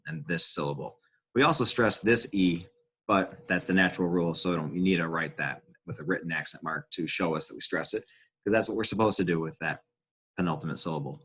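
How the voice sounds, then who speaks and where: Low-voiced man teaching a lesson. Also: a bit bright, slightly rough. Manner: casual and unhurried, with frequent "um" and restarts. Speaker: Spanish teacher. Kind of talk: classroom-style lesson explanation.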